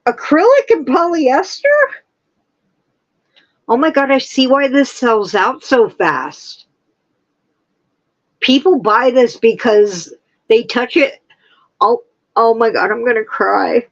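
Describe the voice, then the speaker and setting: A woman hosting a casual livestream, chatting and gushing with excitement. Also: on the high side, takes it slowly, lo-fi sound. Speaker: livestream host. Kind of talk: casual chat.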